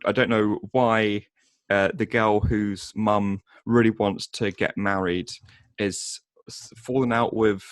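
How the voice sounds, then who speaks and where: A man's voice: on the low side, steady tone, slow, no echo, studio quality. A man co-hosting a casual film review chat, hesitant with many ums and restarts, and sarcastic. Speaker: podcast co-host.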